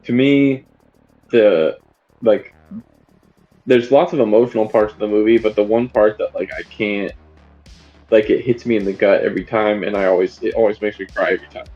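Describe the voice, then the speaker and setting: Podcast co-host, male, lowish pitch, rambling casual delivery, slightly dull lo-fi sound, faint music behind. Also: steady tone, moderate pace, pauses often. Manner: rambling, frequent fillers and restarts. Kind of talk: casual film discussion.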